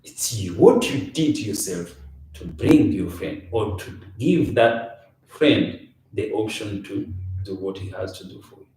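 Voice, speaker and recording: A man's voice: on the low side, animated, measured pace, darkish tone. A middle-aged man, a father co-hosting a podcast, giving earnest advice and repeating himself. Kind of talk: casual advice chat. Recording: echoey room, far from the mic.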